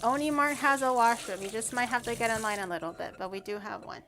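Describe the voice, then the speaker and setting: A woman's voice: fairly high pitch, fast, noisy background. Playful woman streamer baking and chatting. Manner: playful, teasing and animated, reacts to chat. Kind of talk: casual stream chat while baking. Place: home kitchen.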